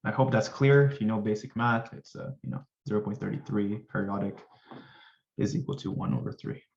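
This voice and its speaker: A man's voice: lowish voice, brisk, vocal fry, a little mellow, roomy sound, lo-fi sound. A man tutoring finance in a casual, upbeat way, chatting to viewers with jokey asides. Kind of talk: casual screen-recorded lesson.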